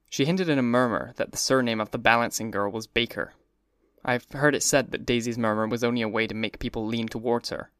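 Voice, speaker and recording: A man giving a measured, even first-person reading of a classic novel. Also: mid-range voice, no room sound, studio quality. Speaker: audiobook narrator. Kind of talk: scripted first-person narration.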